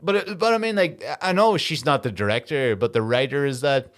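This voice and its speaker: A man's voice: medium pitch, a bit bright. A man with an Irish accent co-hosting a comedy podcast, rambling and swearing as he mocks a film in casual chat. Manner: rambling, sweary, quick to mock in put-on quotes. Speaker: podcast co-host.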